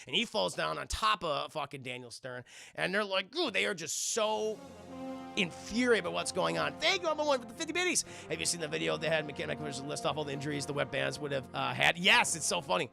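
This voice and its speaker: A young man chatting to his stream audience as he retells a film's scenes, animated and profane, bursting into silly voices. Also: fairly high pitch, fairly quick, creaky, music in the background. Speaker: streamer reviewing a film. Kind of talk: casual chat to a livestream audience.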